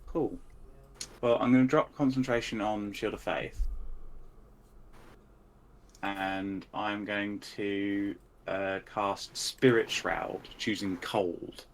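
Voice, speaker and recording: Deep-voiced man thinking aloud. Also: fairly even intonation, takes it slowly, pauses often. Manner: thoughtful, hesitant, thinks aloud. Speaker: player. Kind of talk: tabletop game play.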